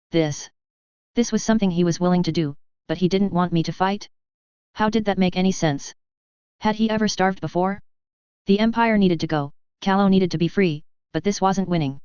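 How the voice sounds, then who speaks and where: A woman with a low, very clear and smooth voice reads a first-person story aloud, keeping it tense and measured. The recording is dry and a little muffled. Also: darkish tone, no room sound. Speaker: audiobook reader. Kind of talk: first-person fiction narration.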